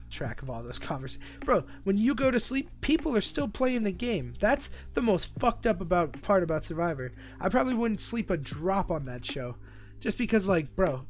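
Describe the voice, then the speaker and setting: Excitable young man streaming, swearing freely. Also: sits high. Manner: excitable, profane, rambling banter with frequent laughs. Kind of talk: live stream reaction commentary.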